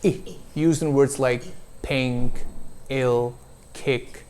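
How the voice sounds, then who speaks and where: A man coaching pronunciation, modeling vowel sounds slowly and deliberately for a learner to repeat. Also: medium pitch, darkish tone. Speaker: accent coach. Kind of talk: pronunciation lesson.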